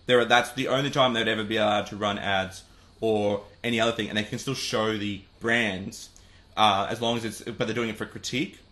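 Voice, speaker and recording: A young man co-hosting a podcast in casual, animated chat, teasing his co-host. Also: on the low side, fairly quick.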